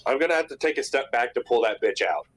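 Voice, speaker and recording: A man's voice: medium pitch, lively intonation, fast talker, a bit bright, poor audio. A man playing a tabletop game in casual chat, blunt and swearing freely. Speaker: player.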